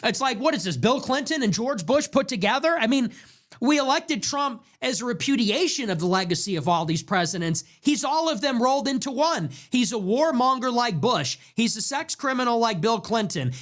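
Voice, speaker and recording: A young adult man hosts a political show, ranting through a heated monologue packed with repeated rhetorical questions. His voice is extremely high-pitched, very animated and a bit bright, moving at a moderate pace.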